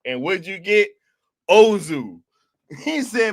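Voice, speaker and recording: A man's voice: sits high, sing-song, slow. A man streaming a reaction to a video, laughing hard and talking in loose, profane slang.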